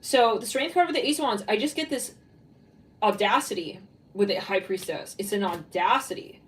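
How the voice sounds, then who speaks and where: A woman's voice: medium pitch, normal speed, recorded from a distance, low-quality recording. A woman giving a psychic tarot reading, blunt and rambling, swearing freely and voicing what she is picking up. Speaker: tarot reader.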